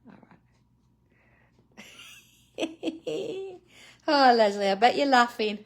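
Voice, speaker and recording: Speaking very slowly with frequent pauses, the middle-aged host of a live art tutorial has a high-pitched, sing-song voice. She laughs a lot and casually greets viewers by name as she draws.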